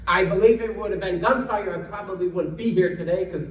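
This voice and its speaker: A man's voice: sits high, a little fast, echoey room, far from the mic, rough recording. A man giving a storytelling speech at a luncheon, acting out the people he quotes, with frequent restarts. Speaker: congressman giving a guest talk. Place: luncheon event room, indoors.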